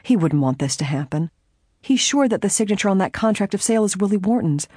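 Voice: mid-range voice, animated, quick pace, mellow, slightly rough, no room sound, studio quality, pitched above the performer's own voice. A reader voicing a determined young woman amateur detective, earnest and urgent, in an audiobook.

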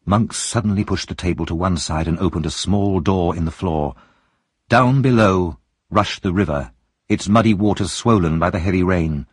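A man narrating a story aloud in a measured, expressive reading with a husky voice. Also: low-pitched, dry recording, studio quality.

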